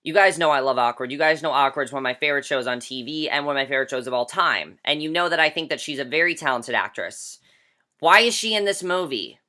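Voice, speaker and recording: Young male reviewer with a bright, sharp voice, ranting with emphatic, exasperated delivery full of "like" fillers. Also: fairly high pitch, lively intonation, fast talker. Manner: emphatic and exasperated, heavy use of "like". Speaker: movie reviewer. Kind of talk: casual ranting movie review.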